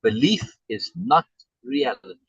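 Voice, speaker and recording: A man's voice: mid-range voice, very animated, a little slow, a bit bright, husky, no echo, muffled recording. A man coaching someone over a video call, emphatic and repeating key words for stress. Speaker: life coach.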